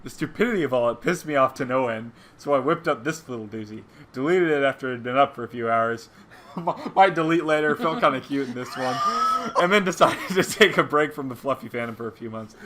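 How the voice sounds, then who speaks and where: Bright-voiced man reading comics with wry disgust. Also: medium pitch, a little fast. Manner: wry, exasperated, reads captions flatly. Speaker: co-host reading comics aloud. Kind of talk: casual commentary.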